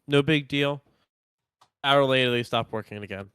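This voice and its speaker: A young man co-hosting a podcast, telling a story in animated casual chat and acting out what people said. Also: medium pitch, moderate pace, clear, resonant tone, dry recording. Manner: animated, acts out quotes of himself and others. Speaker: podcast co-host.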